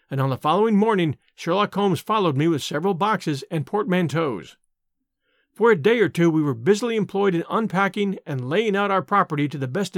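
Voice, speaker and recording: A man narrating in clear, measured storytelling. His voice sits high and moves with animated pitch. The recording is dry and close. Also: no echo. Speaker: audiobook narrator. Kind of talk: scripted narration.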